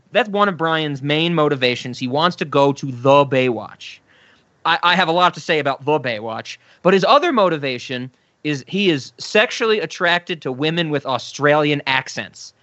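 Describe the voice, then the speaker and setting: A man co-hosts a podcast with a joking, rambling manner and frequent laughs. His voice is bright and sits a bit high. The recording is dry and slightly dull. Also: no echo. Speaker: podcast co-host. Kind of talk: casual chat.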